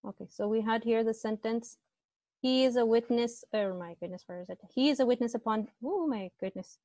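Woman, online grammar teacher, slightly high voice, dry close sound, chatty, self-correcting. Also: normal speed, mellow, no echo. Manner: chatty, self-correcting, asks class to confirm. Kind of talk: online class instruction.

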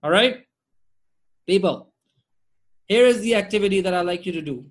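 A man's voice: sits high, lively intonation, moderate pace. A man teaching Arabic grammar online, drilling word forms and checking in with his students often.

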